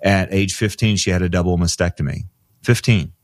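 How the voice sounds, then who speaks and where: A man's voice: deep voice, a little fast, no room sound, studio quality. A man as a guest on a talk radio interview, speaking emphatically with restarts. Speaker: guest, organization president.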